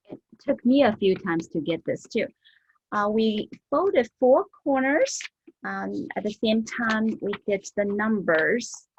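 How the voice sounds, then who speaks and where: Woman teaching a slow patient lesson, mid pitch, dry dull lo-fi recording. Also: a little hiss or hum. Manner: slow, patient and encouraging, demonstrating tones. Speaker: Chinese teacher. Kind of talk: recorded review lesson for a church class.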